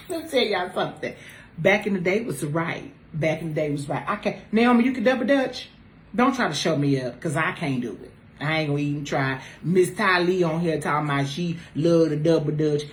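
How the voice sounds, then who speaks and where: A woman with a lowish voice chats casually on a talk panel, teasing her friends and swinging from loud outbursts to quiet mutters. The room echoes noticeably, with a faint hiss underneath. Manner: animated, teasing, swings between loud exclamations and low asides. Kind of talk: casual group chat. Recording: roomy echo with faint noise.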